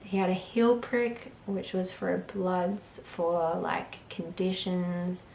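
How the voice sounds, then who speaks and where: Young woman, low gravelly voice, candid chatty vlog storytelling, recorded in an echoey room. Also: level tone, slow, a little mellow, slight background noise. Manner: chatty, open, heavy use of "like". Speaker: vlogger, new mother.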